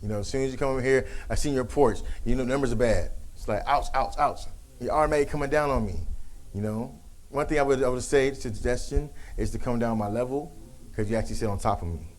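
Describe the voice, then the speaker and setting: A man's voice: mid-range voice, fast talker, low-quality recording. Casual, colloquial man presenting a workshop. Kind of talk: leadership workshop role-play.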